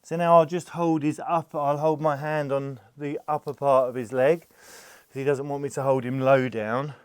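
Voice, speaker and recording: Calm, patient man explaining animal care. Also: mid-range voice, moderate pace, clean tone, no room sound. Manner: calm, gentle, patient, soothing the animal softly. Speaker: farm animal carer. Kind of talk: explaining while handling a horse.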